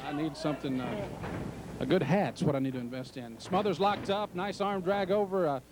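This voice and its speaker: A man calling a wrestling match play-by-play, excited and joking. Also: fairly high pitch, moderate pace, background noise. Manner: excited, joking, shouts at big entrances. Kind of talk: play-by-play commentary.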